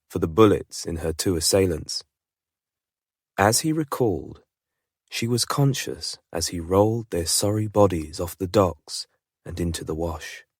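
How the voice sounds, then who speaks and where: A man narrating an audiobook in an unhurried, steady storytelling voice. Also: low voice, husky, no room sound, clean studio sound. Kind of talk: scripted narration.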